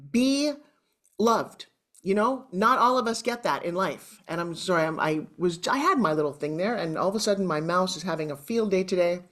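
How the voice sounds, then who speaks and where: Emotional Long Island woman in her sixties. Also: mid-range voice. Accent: Long Island New York. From Long Island, New York. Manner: emotional, chatty, animated storyteller. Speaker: interview guest. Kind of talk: candid personal storytelling.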